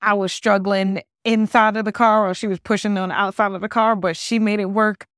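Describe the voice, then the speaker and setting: A woman's voice: medium pitch, fairly even intonation, a little fast, a bit bright, no room sound, clean studio sound. A woman hosting a solo podcast from her new apartment, telling a story in a loose, rambling way, with lots of "like". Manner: rambling storytelling, heavy use of "like". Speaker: podcast host. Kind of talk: casual solo podcast chat.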